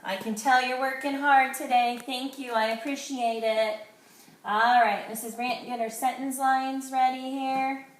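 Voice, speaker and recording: Slow, clear woman teaching phonics. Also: high voice, fairly even intonation. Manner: slow, clearly enunciated, encouraging, sounds words out. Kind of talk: early-grade phonics lesson video. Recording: echoey room, faint noise.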